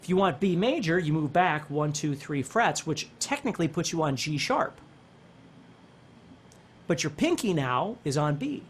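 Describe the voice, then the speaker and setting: A man's voice: a little high, very animated, moderate pace, noisy background. A man giving a casual guitar lesson, explaining step by step and checking in with the viewer as he goes. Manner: explanatory, checks in with "okay?" and "right?". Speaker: guitar instructor. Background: guitar playing.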